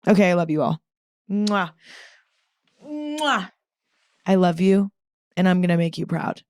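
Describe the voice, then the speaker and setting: A woman's voice: fairly low pitch, steady tone, fast, mellow, no room sound. Young female podcast host, casual and earnest, filler-heavy, swears freely; dry close-mic sound. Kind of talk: casual solo podcast monologue.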